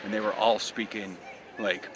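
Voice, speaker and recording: A chatty man tells rambling stories into a handheld camera as he walks through city streets and shops. His voice sits a little low. Steady traffic and street noise run loudly behind him. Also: moderate pace, crowd noise. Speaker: vlogger. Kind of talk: casual walking vlog. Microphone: handheld camera, no tripod.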